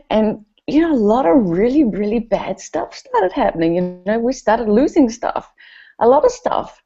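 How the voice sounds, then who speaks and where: Mellow-voiced New woman telling stories. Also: fairly high pitch, slow, slightly rough. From New Zealand. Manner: animated, expressive, chatty with fillers. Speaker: event speaker. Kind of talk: personal storytelling talk. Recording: dull lo-fi recording.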